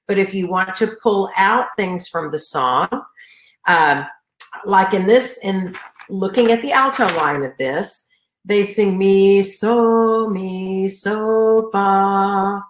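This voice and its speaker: A woman's voice: mid-range voice, expressive, a little slow, a bit bright. A middle-aged woman, congested from a sinus infection, giving an earnest conference talk on teaching choir, full of fillers and restarts. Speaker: choral music educator. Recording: echoey room recording.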